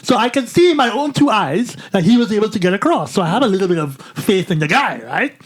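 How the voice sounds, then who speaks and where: A man's voice: high-pitched, quick pace, breathy edge. A man co-hosting a podcast, telling a story casually with restarts and frequent "right?" checks. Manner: animated, restarts, tags "right?". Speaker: podcast co-host.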